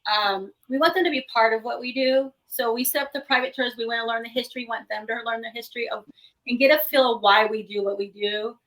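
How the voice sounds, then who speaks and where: Bright, lively-voiced woman telling a story. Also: a little high, quick pace, rough recording. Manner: animated storyteller, acts out quoted voices. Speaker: paranormal investigator guest. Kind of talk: casual interview storytelling.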